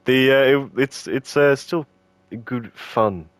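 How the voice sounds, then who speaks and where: A man's voice: mid-range voice, slow, no echo. A man with a mid-range voice chats on a podcast. He laughs often and rambles enthusiastically from one memory to the next. The recording is dry and close. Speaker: co-host. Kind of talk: casual podcast chat.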